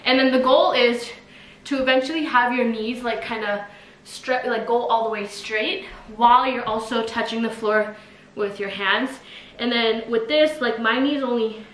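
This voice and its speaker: A woman's voice: fairly high pitch, normal speed, a bit bright. A woman vlogger talking casually while demonstrating a routine, chatty and full of filler words, slightly out of breath. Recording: echoey room, faint noise.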